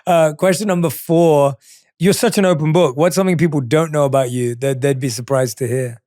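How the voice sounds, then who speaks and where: A man's voice: a little high, fairly even intonation, a little fast, a little mellow. A male podcast host asking questions, enthusiastic and laughing often. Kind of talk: interview conversation. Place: podcast studio.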